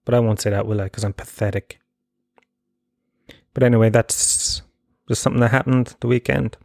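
A man's voice: medium pitch, steady tone, moderate pace, creaky, darkish tone, dry recording, clean studio sound. A man hosting his own podcast, rambling through stories in a casual, self-mocking way and swearing freely. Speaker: podcast host. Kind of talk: comedic casual monologue.

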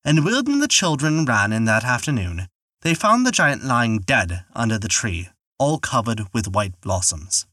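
Expressive man telling a storybook tale. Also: medium pitch, measured pace, no echo, clean studio sound. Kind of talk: scripted narration.

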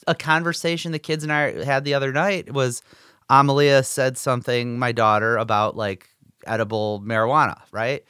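A man's voice: mid-range voice, steady tone, moderate pace, pushed and bright, smooth, dry recording, clean studio sound. A man in his forties co-hosting a podcast, telling stories in a rambling, filler-heavy casual chat. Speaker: podcast co-host.

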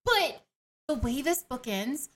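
Very high, excitable woman podcast co-host. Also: takes it slowly. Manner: excitable, giggly, swears freely. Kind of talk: casual chat.

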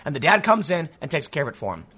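A man's voice: a little high, sing-song, fast, bright, forceful tone, breathy edge. A man from the US Midwest giving a heated, sarcastic opinion monologue as a political commentator, reading news excerpts aloud and often restarting his words. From Chicago, US.

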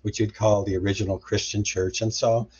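Brief: middle-aged male guest, low husky voice, animated storyteller who acts out the quotes, slightly muffled audio. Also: fairly quick. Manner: animated retelling with acted-out quotes. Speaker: guest, deliverance minister. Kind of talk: storytelling interview.

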